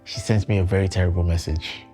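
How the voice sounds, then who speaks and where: A man from Nigeria on a discussion panel, telling an animated anecdote in casual chat. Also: fast, soft background music. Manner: animated, jumps high when quoting.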